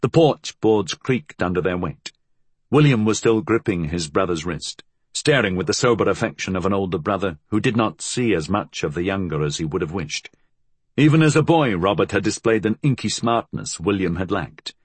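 A man reading a novel aloud as an audiobook narrator, telling the story in a measured, expressive way. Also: sits low, husky, dry recording. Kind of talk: scripted narration.

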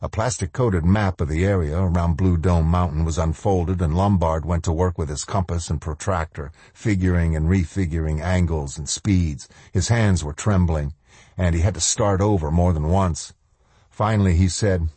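A man narrating an audiobook in a measured, steady storytelling manner. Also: sits low, slightly rough, dry recording. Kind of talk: scripted narration.

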